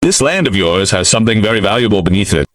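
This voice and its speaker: A man's voice: lowish voice, big pitch swings, fast talker, no echo. A man voicing a menacing, mocking outlaw leader in a narrated western story. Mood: sneering. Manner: mocking and threatening. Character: menacing burly male outlaw with a Texas drawl.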